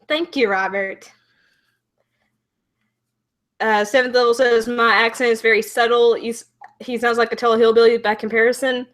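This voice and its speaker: A woman's voice: a little high, steady tone, moderate pace, pauses often, fairly bright tone. A young woman with a Southern US accent, hosting a casual stream, laughing often and reading viewer comments. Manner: giggly, reads viewer comments. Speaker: host. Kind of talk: casual livestream chat.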